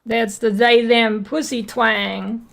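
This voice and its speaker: A woman game streamer with a strongly gravelly, creaky voice that sits a little high. She chats loosely with her viewers and teases them in a joking way. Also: fairly even intonation, takes it slowly, a bit bright. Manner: joking, teasing chat banter. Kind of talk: casual stream chat.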